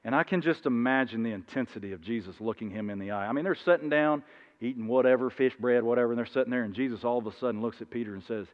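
A man preaches in a loose, conversational way, wandering through personal stories and acting out the other people's lines. His voice sits at an ordinary male pitch. The recording is dull and lo-fi, with a long echo from a church hall. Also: quick pace. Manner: rambling, many restarts, acts out voices in anecdotes. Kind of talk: informal sermon with storytelling.

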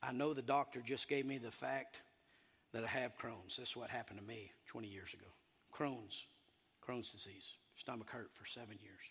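Bright-voiced preacher in a reverberant hall. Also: male voice, normal speed, husky. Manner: animated preaching, voice rising high and loud on emphasis. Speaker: pastor. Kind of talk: sermon. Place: church hall.

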